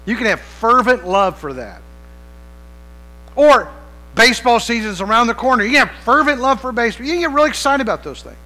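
Pastor, male, very high voice, sharp and tense tone; chatty sermon delivery with rhetorical questions and jokes. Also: expressive, a little fast, poor audio. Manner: conversational preaching with rhetorical questions; playful asides and humor.

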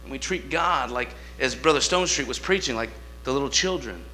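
A man preaching a sermon with passion, swinging between shouting and hushed asides, acting out dialogue in different voices. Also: mid-range voice, expressive, brisk. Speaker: guest preacher. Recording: mains hum behind the voice.

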